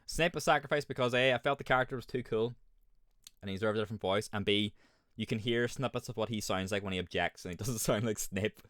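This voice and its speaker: A man's voice: on the low side, quick pace, a bit bright, no room sound, clean studio sound. A man with an Irish accent, streaming a game and chatting casually, rambling, swearing often and laughing at himself. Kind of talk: casual gaming chat.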